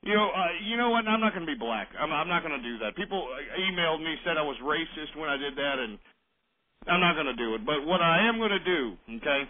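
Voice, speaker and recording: A man's voice: on the high side, lively intonation, fast talker. Angry, profane male talk radio host. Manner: angry, blunt, profane ranting with repeated restarts. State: drinking beer. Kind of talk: late-night political talk radio rant. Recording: tinny, narrow-band broadcast recording.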